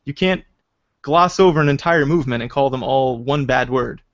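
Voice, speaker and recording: A man hosting a casual podcast chat, rambling and animated, with lots of restarts and "like" fillers. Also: mid-range voice, moderate pace. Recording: slightly dull lo-fi recording.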